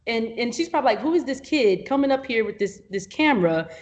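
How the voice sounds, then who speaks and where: A woman's voice: on the high side, lively intonation, quick pace, a little mellow. A woman guest on a podcast, telling a work story in a casual chat, acting out quotes with laughs and fillers. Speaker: videographer guest.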